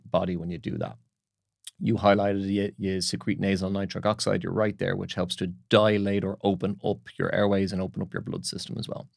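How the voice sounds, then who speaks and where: A man who is a breath coach, speaking as a podcast guest in a calm, instructive way with anecdotes. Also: lowish voice, gravelly, dry recording, studio quality. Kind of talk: explanatory interview talk.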